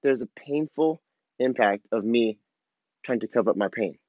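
A man in his thirties who vlogs about fatherhood speaks candidly and confessionally about his struggles, swearing casually, at a moderate pace and medium pitch. The recording is dry and sounds like it came through a phone.

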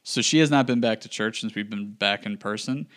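A man's voice: on the low side, brisk, a bit bright. A young man from Wisconsin telling stories in casual chat, rambling with lots of fillers. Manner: rambling, filler-heavy storytelling. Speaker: church staff member.

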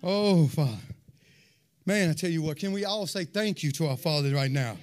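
Guy preaching his testimony, voice a bit high, all fired up and winded. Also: normal speed. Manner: fervent, animated storytelling full of "man". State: sweating, winded after worship. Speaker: lay preacher giving testimony. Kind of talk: sermon and personal testimony.

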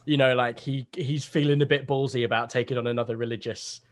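A man's voice: medium pitch, steady tone, quick pace. A young man chatting casually over a video call, rambling through a comedy idea with lots of fillers.

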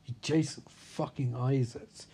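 A man doing a gruff swaggering actor. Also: medium pitch, fairly even intonation, unhurried, dark tone. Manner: profane, emphatic, repeats phrases. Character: gruff tough-talking male actor, swaggering.

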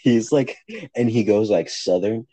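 A man's voice: on the low side, a little slow, mellow, no echo, poor audio. A young man co-hosting a casual podcast, joking and swearing, laughing often, talking on a phone. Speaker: podcast co-host. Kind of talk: casual chat.

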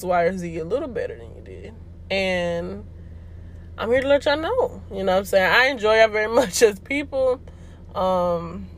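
A young woman hosting a casual solo podcast, chatty and slangy, laughing and joking as she talks. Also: mid-range voice. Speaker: podcast host.

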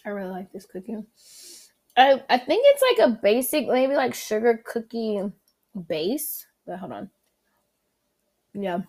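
A woman's voice: on the high side, a little slow, pauses often. A woman with a Southern accent hosting a casual solo food-review podcast, chatty and full of "like" and "um," humming as she tastes. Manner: chatty, many fillers and likes; animated, savoring with hums. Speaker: podcast host.

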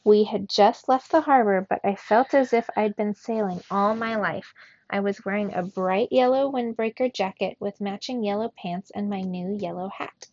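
A woman reading a children's storybook aloud in a slow, expressive way, as a teacher for young students. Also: medium pitch. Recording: dull, dry recording.

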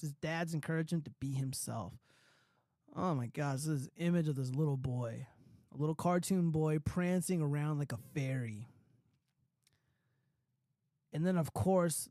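A man in his thirties hosts a casual commentary show in a notably high voice. He rambles, swears and fills gaps with ums and uhs. The sound is dry and close, with no room echo. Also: expressive, moderate pace. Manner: rambling and profane, many fillers. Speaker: show host.

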